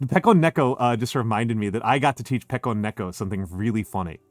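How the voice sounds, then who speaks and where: A man's voice: lowish voice, quick pace, no echo, soft background music. Male streamer host, General American accent, chatty explainer, dry close sound. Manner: chatty, restarts often, lectures on history. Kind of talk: casual chat.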